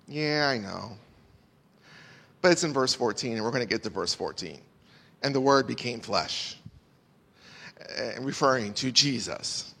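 A man preaching a sermon as pastor, emphatic, repeating key phrases and swinging between soft asides and loud declarations. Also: medium pitch, expressive, measured pace, gravelly, long pauses. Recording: long reverb of a large hall.

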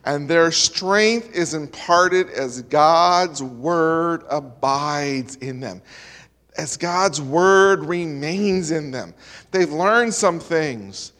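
A man's voice: fairly high pitch, lively intonation, extremely slow, fairly bright tone. A man preaching a sermon as pastor, emphatic and building his points with repeated parallel lines. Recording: reverberant hall.

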